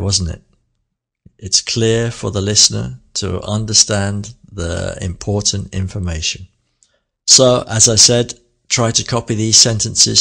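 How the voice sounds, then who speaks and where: Low, gravelly-voiced British teacher. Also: male voice, a bit bright. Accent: British English. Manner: clear, deliberate teaching voice with exaggerated stress. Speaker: English teacher. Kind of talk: pronunciation lesson.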